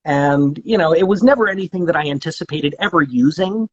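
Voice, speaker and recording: Chatty guy voice actor on an interview, kinda husky, bit high, lots of ums and restarts. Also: fairly quick, dull audio. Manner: talkative, with frequent restarts and fillers. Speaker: guest voice actor. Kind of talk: casual interview chat.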